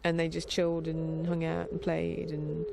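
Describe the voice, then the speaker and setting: A middle-aged woman chatting casually in a rambling, warm-hearted way, with fillers and light laughter. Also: low voice, completely flat delivery, normal speed, vocal fry, noisy background. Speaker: vlogger. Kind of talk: casual chat.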